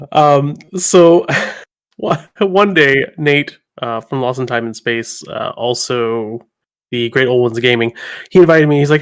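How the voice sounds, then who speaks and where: A man co-hosting a tabletop gaming podcast, chatting in a loose, rambling way. His voice sits at an ordinary middle pitch. He laughs often and fills gaps with ums and uhs. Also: a little slow, smooth. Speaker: podcast co-host. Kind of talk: casual chat.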